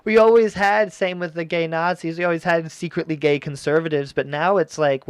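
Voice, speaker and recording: A man's voice: a little high, steady tone, brisk, hardly any pauses, smooth, no echo. A man hosting a casual podcast chat, rambling and laughing often as he riffs and acts out quoted voices. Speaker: podcast host.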